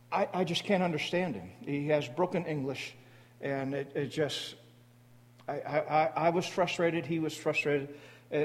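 Guy talking about missions to a church, lots of uhs and restarts, slightly high voice, big reverby hall. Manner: halting, many fillers and restarts. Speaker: missionary speaker for a mission board.

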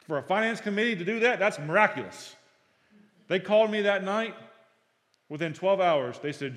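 A middle-aged male pastor preaching a sermon, telling stories and acting out dialogue, swinging between loud and hushed. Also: sits high, lively intonation, moderate pace, long pauses. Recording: long reverb of a hall.

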